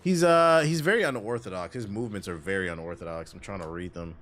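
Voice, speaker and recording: A man streaming a game live, commenting as he plays, swinging from low muttering to loud outbursts. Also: fast talker, noisy background. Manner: excitable, swings from muttering to shouting. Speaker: gaming streamer.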